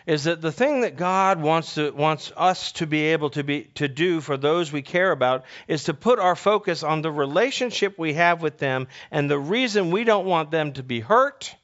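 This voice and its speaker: On a dull lo-fi recording, a man with a slightly high, somewhat bright voice delivers a conversational sermon at normal speed with lively intonation and hardly any pauses. He tells a story and asks his listeners rhetorical questions, frequently starting over.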